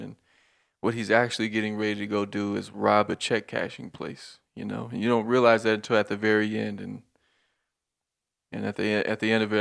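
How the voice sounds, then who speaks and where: A man's voice: lowish voice, vocal fry, a bit bright. A man hosting a podcast, ranting in a casual, profane, rambling way and laughing between points, and sounding hungover. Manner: profane, rambling, laughing, with many filler words. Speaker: podcast host. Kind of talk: casual monologue rant.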